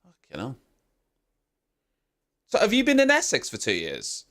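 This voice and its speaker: A man's voice: high-pitched, huge pitch swings, fairly quick, fairly bright tone. A man hosting a live stream, giving casual reaction commentary with chatty, teasing banter and casual swearing.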